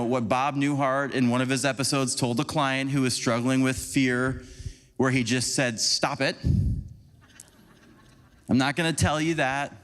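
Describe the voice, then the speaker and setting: A man giving a conversational, animated sermon as a preacher, acting out little scenes for the congregation. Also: mid-range voice. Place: church sanctuary. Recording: long church hall reverb.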